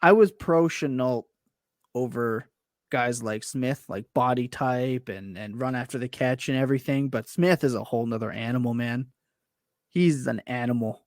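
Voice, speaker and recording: A man's voice: mid-range voice, normal speed, no room sound, clean studio sound. A man co-hosting a casual sports podcast, rambling and correcting himself with enthusiasm. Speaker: podcast co-host.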